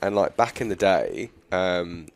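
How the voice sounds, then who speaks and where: A man's voice: deep voice, sing-song, unhurried, creaky. A young man co-hosting a podcast, telling casual stories and rambling with lots of fillers. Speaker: podcast co-host.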